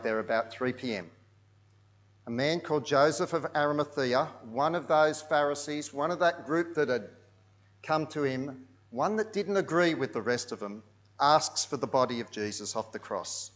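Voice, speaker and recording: A man telling a story in a sermon over pictures, dropping into hushed tones and then rising loud and dramatic. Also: mid-range voice.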